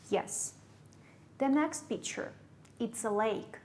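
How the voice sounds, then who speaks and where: A woman with a Kyrgyz accent teaching English to young pupils, slowly repeating and spelling out words. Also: fairly high pitch, darkish tone.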